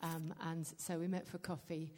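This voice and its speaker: A woman's voice: deep voice, little pitch movement, moderate pace, a little mellow, a little hiss or hum. A woman sharing her news in a casual chat, hesitant, with many fillers and restarts.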